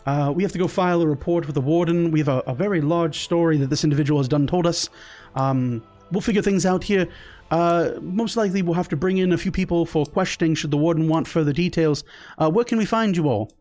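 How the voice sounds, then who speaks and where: A man's voice: on the high side, fast, a little mellow, faint music behind, natural voice. A man voicing bumbling, officious male town guards.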